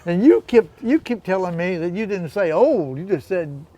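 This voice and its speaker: A veteran paddler in his eighties, appearing as an interview guest, tells stories in casual chat, teasing and laughing often. His high-pitched voice is sing-song with a dark tone and a moderate pace.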